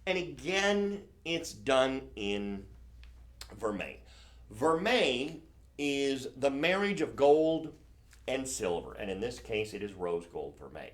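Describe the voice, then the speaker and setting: A man's voice: mid-range voice, very animated, slow. A man hosting a live shopping stream, selling jewelry in a chatty, enthusiastic way and correcting himself as he goes. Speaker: shopping channel host.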